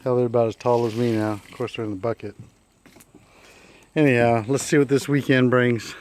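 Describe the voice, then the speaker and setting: A man chatting casually in a video diary outdoors on his farm, with a relaxed manner. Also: medium pitch, brisk. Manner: relaxed, chatty, repeats "anyhow". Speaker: vlogger. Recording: outdoor camera audio with rain noise. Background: rain.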